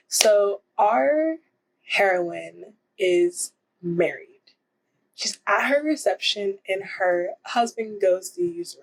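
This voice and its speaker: Slow, breathy young woman vlogger. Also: medium pitch, rough recording. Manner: rambling, many fillers, giggly. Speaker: book vlogger. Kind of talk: casual book review vlog.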